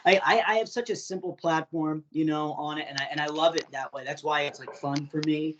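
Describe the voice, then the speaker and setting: A man's voice: fairly high pitch, fairly even intonation, brisk, a bit bright, dull audio, slight background noise. A man hosting a podcast in casual chat, laughing often and swearing freely with many fillers. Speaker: podcast host.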